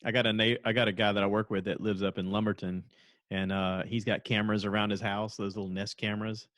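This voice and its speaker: A man's voice: lowish voice, little pitch movement, fast talker, a bit bright, no room sound, studio quality. A man hosting a podcast, chatting casually and acting out other people's lines as he tells stories. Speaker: podcast host. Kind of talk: casual chat.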